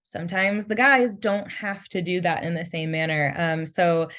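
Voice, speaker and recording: A woman in her thirties, a guest on a casual podcast interview, talking thoughtfully with frequent ums and soft laughs. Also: on the low side, steady tone, normal speed. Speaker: guest, brand storyteller and creative director.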